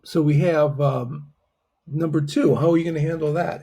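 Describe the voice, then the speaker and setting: A man's voice: fairly high pitch, animated, normal speed, vocal fry, dark tone, slightly rough. A man teaching a Chinese lesson in a patient, explanatory way, often checking in with "right?". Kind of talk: online language lesson.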